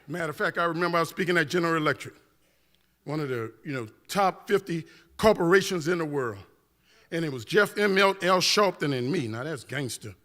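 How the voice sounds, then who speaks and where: Man, high voice, church keynote, passionate, repetitive rhythmic build, humorous asides. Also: expressive, brisk, a bit bright. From New Orleans, USA. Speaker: guest speaker. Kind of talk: impassioned church keynote speech. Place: church sanctuary. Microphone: standing at a mic.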